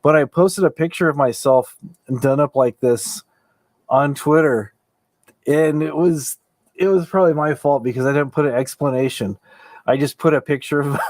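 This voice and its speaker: Dude rambling on a late night stream, chill and chuckly, dry close sound. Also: male voice, mid-range voice, a little mellow, no echo. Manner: laid-back, rambling, with restarts and chuckles. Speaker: livestream host. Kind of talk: casual late-night livestream chat.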